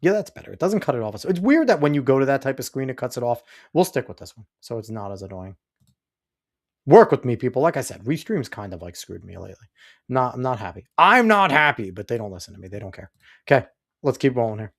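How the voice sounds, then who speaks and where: A man's voice: mid-range voice, animated, quick pace, darkish tone. A man hosting a podcast livestream, reacting to a video clip in casual, rambling commentary and getting exasperated with his chat and the clip.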